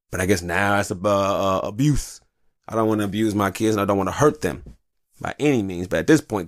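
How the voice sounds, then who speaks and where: A man's voice: fairly low pitch, fairly quick, dry recording, studio quality. A man in his thirties hosting a podcast, ranting casually and profanely about fatherhood. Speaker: podcast host.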